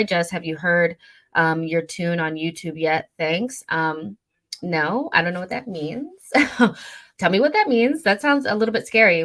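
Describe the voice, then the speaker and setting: A woman's voice: sits low, fairly bright tone. A young woman hosting a casual fan livestream, rambling and chatty with lots of fillers as she reads out viewer comments. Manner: chatty, rambling, many fillers and self-corrections. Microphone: studio mic at a desk.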